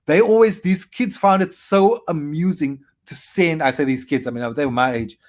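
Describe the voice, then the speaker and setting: A South African man in his forties, a comedian guest, telling animated stories with quick asides. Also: a little high. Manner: animated anecdotes with quick asides and playful acted quotes. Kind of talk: storytelling interview.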